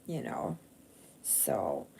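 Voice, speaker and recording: A woman's voice: very slow, warm tone. A woman, chatting casually and rambling with many fillers and restarts while she stitches on a live stream. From Canada. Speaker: cross-stitch vlogger.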